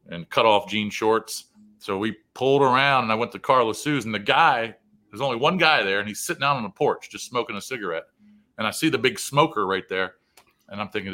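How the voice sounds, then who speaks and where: A man's voice: fairly low pitch, a little fast. A middle-aged man, co-host of a talk show, telling a casual story and acting out the dialogue of the people he met. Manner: animated, acts out quoted dialogue in the story.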